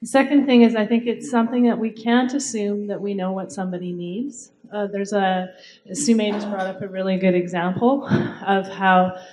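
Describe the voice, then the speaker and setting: A woman health professional on a conference panel, making a point quickly and clearly. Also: mid-range voice, steady tone, a little mellow, a little hiss or hum, low-quality recording. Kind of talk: panel discussion.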